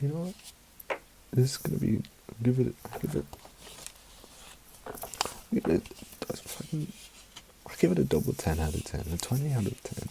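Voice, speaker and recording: A man's voice: mid-range voice, big pitch swings, normal speed, vocal fry, long pauses, mellow, slight background noise, rough recording. A man vlogging in casual chat, rambling and emotional, swearing often.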